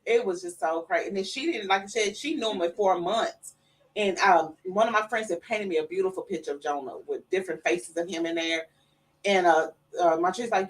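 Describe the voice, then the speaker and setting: A woman, a guest and mother, telling family stories casually and acting out the voices of others in a raised pitch, in a studio. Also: brisk, distant mic, rough recording. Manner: animated storyteller who acts out quotes in a high voice. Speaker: guest, mother of the late artist. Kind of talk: casual storytelling.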